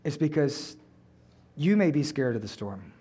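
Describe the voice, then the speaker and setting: A high-voiced man preaches a sermon in a conversational way. He keeps checking in with the listeners through rhetorical questions. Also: very animated, unhurried, warm tone, slightly rough.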